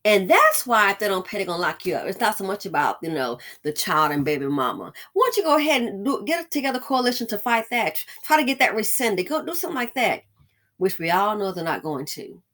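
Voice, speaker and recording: A woman's voice: medium pitch, very animated, fast, fairly bright tone. A woman hosting her own commentary channel, ranting in a sarcastic, scolding and emphatic way.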